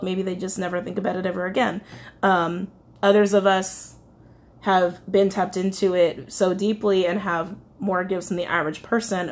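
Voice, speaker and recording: A woman talking her way through a tarot reading for her subscribers in a loose, rambling way, full of fillers and restarts. She swings between excited and teary as she goes. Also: on the low side. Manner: chatty, rambling, emotional, frequent fillers and self-corrections. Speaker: tarot reader. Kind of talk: casual spoken tarot reading.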